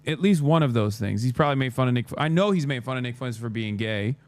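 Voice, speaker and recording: A man's voice: mid-range voice, lively intonation, quick pace, dry recording. Dry, sarcastic male streamer. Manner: sarcastic, mocking. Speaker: streamer host. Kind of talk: livestream reaction commentary.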